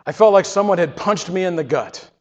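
A man with a fairly high voice tells an earnest first-person story, stumbling and repeating words as he goes. The recording is dull and lo-fi, with a long reverb trailing his words. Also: animated, fairly quick. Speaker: storyteller giving a testimony.

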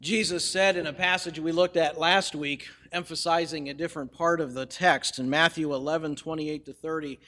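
A male pastor delivers a sermon in a high, bright, forceful voice. He speaks in measured phrases with pauses for emphasis and slips in lightly humorous, conversational asides. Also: steady tone, long reverb tail.

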